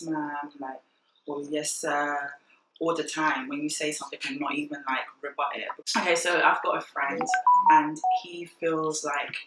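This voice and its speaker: A woman with a lowish voice, telling stories in an animated way and acting out the quotes. The room is echoey, and a clear hiss of background noise sits under her voice. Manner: animated storyteller, acts out quotes. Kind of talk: casual chat.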